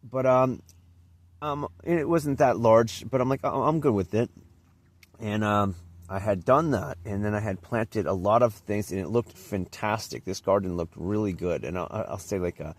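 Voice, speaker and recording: A man's voice: lowish voice, normal speed. A man telling a personal anecdote in a casual, rambling way, often restarting and trailing off. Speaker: vlogger.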